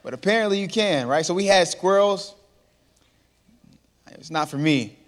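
Man in his thirties, animated speaker working a crowd, fairly high voice, long hall echo. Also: moderate pace. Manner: lively storyteller, calls out to the crowd. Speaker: motivational speaker. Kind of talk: storytelling talk to a live audience. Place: large hall before an audience.

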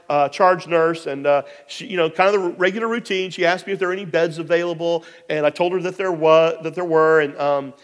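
A man preaching, telling a personal story in a rambling, animated way with many fillers. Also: high-pitched, long reverb tail. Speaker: pastor. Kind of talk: storytelling sermon.

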